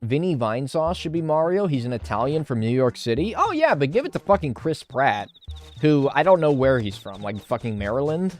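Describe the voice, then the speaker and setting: A man's voice: mid-range voice, big pitch swings, fairly quick, soft background music. A man streaming a game, reading chat aloud and riffing on it with casual swearing.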